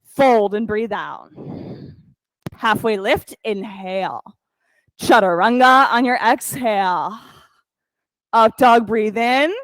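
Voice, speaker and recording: A woman teaching a yoga class, calmly counting breaths and cueing poses with encouragement. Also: a little high, slow pace, pauses often, no echo, poor audio. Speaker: yoga instructor. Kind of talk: guided yoga class cues.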